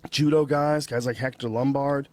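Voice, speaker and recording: A man hosting a podcast in casual chat, curious and expressive, asking follow-up questions. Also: medium pitch, normal speed. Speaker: podcast host.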